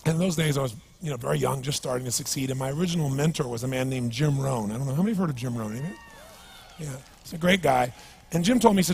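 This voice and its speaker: A man giving a motivational seminar talk to a live audience, energetic and emphatic, telling stories and asking the crowd rhetorical questions. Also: mid-range voice, rapid-fire, vocal fry. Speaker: motivational speaker.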